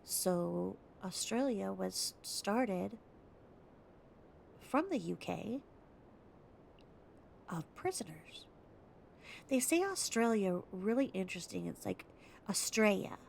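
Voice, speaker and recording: A woman's voice: medium pitch, vocal fry, a little mellow, a little hiss or hum. An American woman reading aloud and chatting in rambling asides, sometimes dropping to a whisper. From United States. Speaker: reader and video host. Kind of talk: casual commentary between readings.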